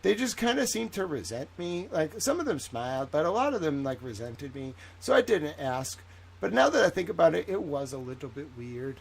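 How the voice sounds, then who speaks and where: This livestream host's voice is a little high, sing-song, creaky and husky, at normal speed. He chats casually, rambling and cursing, with lots of fillers and frequent use of "like."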